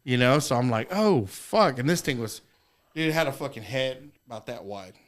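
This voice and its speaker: A man in casual podcast chat, telling a fishing story with lots of profanity and lively acted-out exclamations. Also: mid-range voice, a little fast. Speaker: podcast participant.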